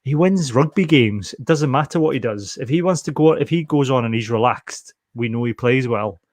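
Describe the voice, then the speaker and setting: A man hosting a rugby podcast in casual, animated chat, often acting out quotes. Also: mid-range voice, normal speed, no room sound, studio quality. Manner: chatty, animated, quotes others in little voices. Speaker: podcast host.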